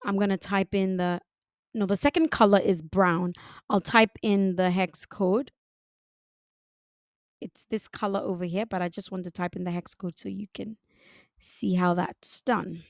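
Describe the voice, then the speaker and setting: A woman giving a calm, step-by-step software design tutorial, talking through each click. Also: mid-range voice, unhurried, vocal fry, no echo, studio quality. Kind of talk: screen-recorded software tutorial.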